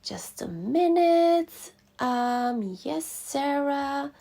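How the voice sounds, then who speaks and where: Woman acting as a bubbly phone receptionist, raised pitch, drawn-out words. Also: vocal fry, exaggerated voice. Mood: cheerful. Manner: bright, slow, excited, higher voice. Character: cheerful female clinic assistant on the phone.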